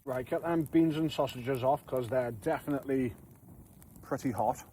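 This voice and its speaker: A man's voice: mid-range voice, normal speed, dark tone, a little hiss or hum. A man in his thirties with a Geordie accent, hosting a casual camping vlog outdoors by a campfire at night, chatty and swearing freely. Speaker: vlogger host.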